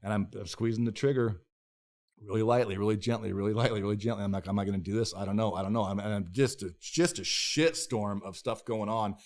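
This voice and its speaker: A man's voice: lowish voice, fast talker, darkish tone. A man who is a podcast guest, telling a candid personal story in a raw, profane, emotional way. He stumbles through restarts and repeated words, and voices his own past inner thoughts as quoted self-talk.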